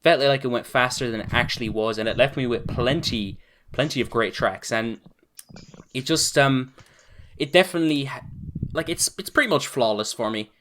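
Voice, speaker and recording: A man co-hosting a casual podcast, chatting in a relaxed way with some filler words. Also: medium pitch, normal speed, a little hiss or hum. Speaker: podcast co-host.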